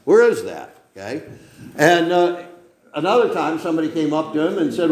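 A man's voice: on the high side, big pitch swings, fairly quick. Older preacher man, echoey church. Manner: rambling, emphatic, frequent "okay?" asides. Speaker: pastor. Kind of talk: sermon. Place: church sanctuary.

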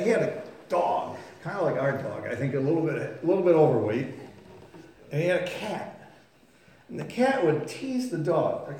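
A man's voice: fairly high pitch, a little mellow, slight background noise. A man preaching a sermon in a folksy, storytelling way, acting out voices and sounds. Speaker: pastor. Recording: very echoey room.

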